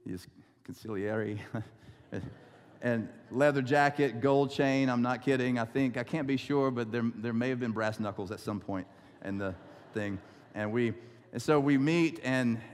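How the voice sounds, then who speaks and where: A male pastor preaching a sermon, stretching out scripture slowly and telling stories with wry asides. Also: mid-range voice. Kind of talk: sermon with storytelling. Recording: long reverb of a large hall.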